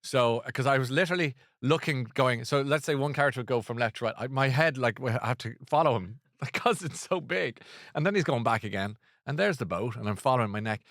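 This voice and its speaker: A man's voice: medium pitch, a little fast, fairly bright tone, no echo, clean studio sound. A man hosting a casual chat show, rambling and self-deprecating with lots of restarts. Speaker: host.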